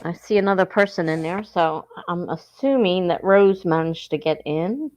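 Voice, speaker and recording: A woman's voice: on the low side, normal speed, a little mellow. A woman from southern New Jersey with a South Jersey accent, hosting a casual livestream, chatting and reading viewer comments aloud, laughing often. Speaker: livestream host.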